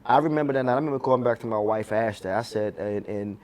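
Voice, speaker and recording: A man's voice: fairly low pitch, fast, a little mellow. A man hosting a radio interview, talking casually and agreeing often as his guest speaks. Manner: casual, empathetic, frequent agreeing backchannel. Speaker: radio host. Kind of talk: interview conversation.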